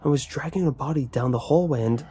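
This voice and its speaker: A man's voice: a little high, fast, warm tone, slight background noise, voice pushed up, close to an everyday voice. A man voicing a frightened teenage schoolboy who talks in urgent, breathless bursts. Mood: panicked.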